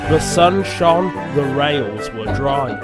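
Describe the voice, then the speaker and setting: A man narrating a storybook in a slow, measured reading. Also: mid-range voice, lively intonation. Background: background music.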